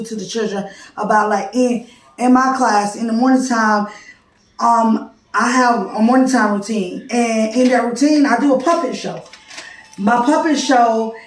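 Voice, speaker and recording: A woman preschool teacher talks through a class presentation in a relaxed, conversational manner. Her voice sits a little high and comes from some distance off the mic, in a room with echo. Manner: informal, conversational explaining.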